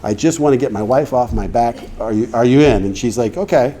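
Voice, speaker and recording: Before a crowd in a meeting hall, a middle-aged man tells of his recovery with a warm, medium-pitched voice at a fairly quick pace. He voices the dialogue in character and laughs as he goes.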